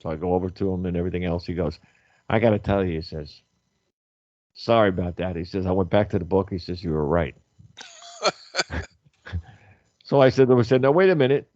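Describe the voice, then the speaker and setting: Man, loud and lively radio guest, lowish voice, big pitch swings, dry dull studio sound. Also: normal speed, long pauses, dry recording. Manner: loud, animated storyteller who acts out quotes. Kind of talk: casual radio chat.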